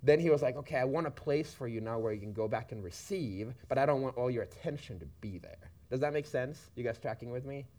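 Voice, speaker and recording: A man's voice: mid-range voice, fast talker, few pauses, dark tone. Casual man sharing a church testimony. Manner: casual, checks in with listeners. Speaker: church speaker. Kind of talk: shared sermon talk.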